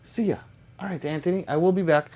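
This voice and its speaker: A man's voice: on the high side, fast talker, warm tone. A man chatting casually on a live stream, reading viewer comments aloud and answering them with jokes and swearing.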